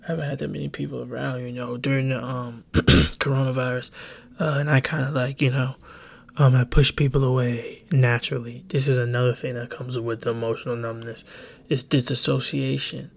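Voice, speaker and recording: Speaking fairly quickly in a level, mid-range tone, a gravelly-voiced young man records a solo confessional podcast from his bedroom on a close desk microphone. He meanders and hesitates, constantly saying "um" and correcting himself.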